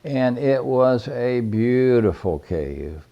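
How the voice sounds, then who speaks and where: Speaking slowly with lively intonation and a medium pitch, this older caver rambles through personal tales in a plain, folksy way. The recording sounds muffled.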